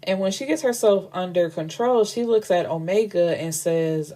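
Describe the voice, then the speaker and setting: Chatty woman with a mellow, low voice. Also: normal speed. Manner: chatty, slangy, frank. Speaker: book reviewer host. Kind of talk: casual book recap.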